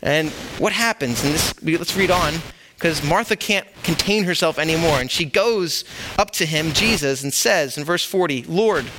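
A man's voice: on the high side, normal speed, noisy background. A middle-aged man preaching a sermon in a conversational, joking way, talking straight to the congregation. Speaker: pastor.

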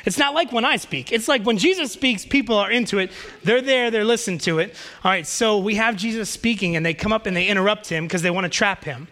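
High, bright-voiced male pastor. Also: quick pace. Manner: casual, joking, conversational. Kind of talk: sermon.

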